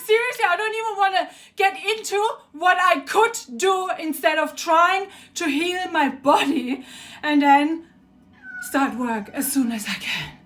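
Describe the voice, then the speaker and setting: A young woman, ranting in a video diary, agitated and profane, dropping to low mutters and rising to shouts. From Germany. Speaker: vlogger.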